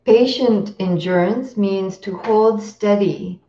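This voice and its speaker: A woman giving a Buddhist dharma talk as a meditation teacher, speaking slowly and reflectively with pauses, fillers and some throat-clearing. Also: mid-range voice, warm tone, a little hiss or hum. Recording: roomy, distant, dull lo-fi recording.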